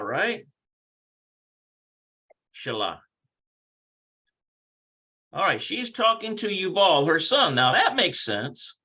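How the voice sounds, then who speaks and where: Man, casual online language teacher, higher-pitched and lively, thinks aloud and self-corrects. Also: takes it slowly, pauses often, poor audio. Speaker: Hebrew teacher. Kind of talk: casual livestreamed language lesson.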